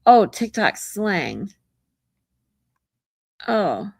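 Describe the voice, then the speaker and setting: A woman's voice: mid-range voice, big pitch swings, very slow, vocal fry, dry recording. A woman hosting a livestream in casual chat, reading viewer comments and greeting them in a frank, chatty way that is peppered with swearing. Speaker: livestream host.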